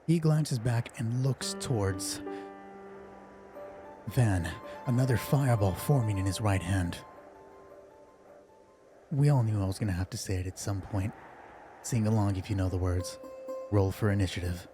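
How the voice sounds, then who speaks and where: This game master streams a tabletop game from home with headphones on, speaking a little slowly in a lowish voice with long pauses while music plays. He jokes around and pokes fun at himself in a chatty way, sounding slightly nervous.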